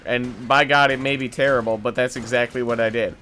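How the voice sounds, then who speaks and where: A man's voice: mid-range voice, steady tone, brisk, sharp tone, soft background music. Young guy rambling over a game, swears a bunch, makes fun of himself, goes off on tangents. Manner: rambling, self-deprecating, swears a lot. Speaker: let's play commentator. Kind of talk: casual gameplay commentary.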